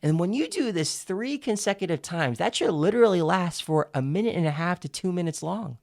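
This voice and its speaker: Man, speaking coach, lively swooping delivery, crisp enunciation, instructional lesson. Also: high-pitched, brisk. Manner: animated, demonstrates exercises as he explains; emphatic, clear enunciation.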